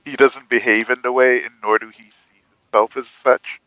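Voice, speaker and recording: A man in a casual panel chat, talking in a halting, rambling way with many pauses. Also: mid-range voice, fairly even intonation, no echo, highs cut off.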